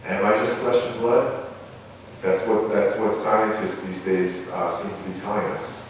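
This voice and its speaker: A male Buddhist monk with a slightly low voice gives a dharma talk, teaching meditation in a measured, reflective way with frequent pauses. He is picked up from far off in a temple hall, so his voice rings with a strong, long echo over faint room ambience. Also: steady tone, slight background noise. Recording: echoey hall, mic far off.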